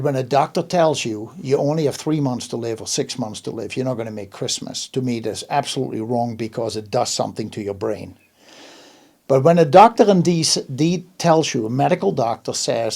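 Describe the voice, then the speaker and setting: Man, host, mellow tone, emphatic, repeats words, casual interview. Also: medium pitch, lively intonation, normal speed, creaky, husky.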